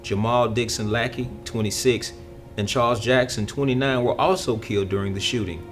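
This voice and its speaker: A man reading scripted documentary narration in a measured, factual way. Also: fairly low pitch.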